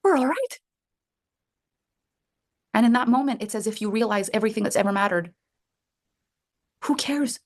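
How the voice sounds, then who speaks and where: A woman's voice: medium pitch, fairly quick, pauses often, a little mellow. A middle-aged woman, a life coach, talking to listeners in a coaching call and acting out inner voices with big jumps in her voice.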